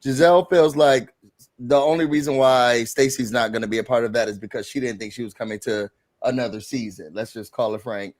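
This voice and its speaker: A man hosting a live show recap, chatting casually and acting out quotes with sudden loud bursts. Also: mid-range voice, a little fast. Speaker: host.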